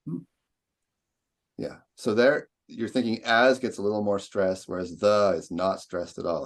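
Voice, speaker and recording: A man with a fairly low voice, speaking a little slowly, leads an online poetry seminar. He explains stress and meter, taps out rhythms, and puts questions to his students.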